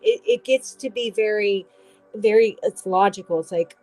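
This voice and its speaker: A woman's voice: medium pitch, fairly even intonation, normal speed, warm tone, low-quality recording. Lady doing a tarot reading, talks in loops and swears casually, faint music behind. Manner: rambling, swears casually, restarts often. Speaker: tarot reader.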